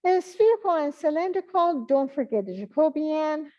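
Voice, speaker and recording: A woman giving a math exam review in an online class, talking in a halting way and thinking aloud with many pauses and fillers. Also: high-pitched, expressive, warm tone, muffled recording. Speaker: math instructor.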